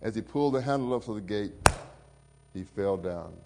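A man's voice: expressive, moderate pace, background noise. Emotive male pastor telling a story. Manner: emotive storytelling, rising high and loud then dropping low and soft. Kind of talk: sermon with personal stories.

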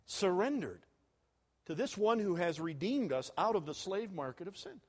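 A man preaching a sermon to students, animated, moving between loud and soft and chuckling at his own jokes. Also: high voice, normal speed.

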